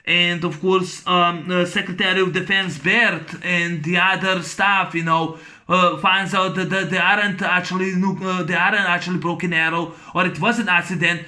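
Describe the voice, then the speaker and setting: A man reviewing a movie in a casual, rambling monologue, full of fillers and restarts, who breaks into excited sound effects and laughs as he recounts scenes. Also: high-pitched, moderate pace.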